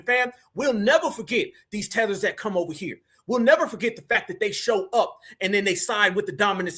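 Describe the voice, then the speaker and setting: A man's voice: very high voice, bright, forceful tone. A man hosting a live stream, talking in a fiery, preachy way and calling his viewers family. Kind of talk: heated live commentary.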